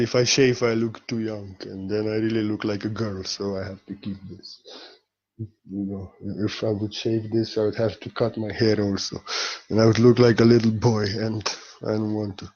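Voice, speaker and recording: A man's voice: lowish voice, flat delivery, normal speed, darkish tone, dull audio. Candid man giving a spiritual talk. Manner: candid and emotional, blunt with occasional swearing. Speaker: spiritual teacher.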